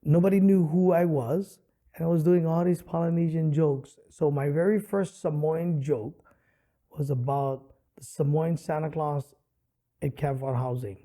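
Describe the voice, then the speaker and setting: A middle-aged man from Hawaii, a comedian telling stories in an animated way with many fillers, on a studio podcast mic. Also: on the high side, a little slow. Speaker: comedian and guest. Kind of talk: casual interview storytelling.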